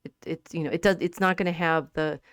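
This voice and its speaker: A woman hosting a podcast in a casual discussion about literature. She talks in an animated way, laughs often and restarts her sentences. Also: low-pitched, fast talker, smooth, no echo, clean studio sound. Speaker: podcast host.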